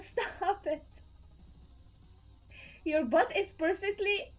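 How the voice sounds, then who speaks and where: A high-voiced woman streamer talks slowly with a lively, swooping melody. She giggles and gushes thanks to her viewers. Faint game music plays underneath. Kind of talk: live game stream chat.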